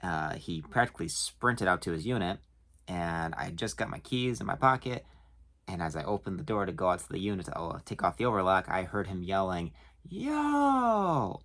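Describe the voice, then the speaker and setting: A man who works at a storage facility tells work stories casually to camera, chuckling and pausing on lots of fillers. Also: deep voice, a bit bright. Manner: chuckling, hesitant with many fillers.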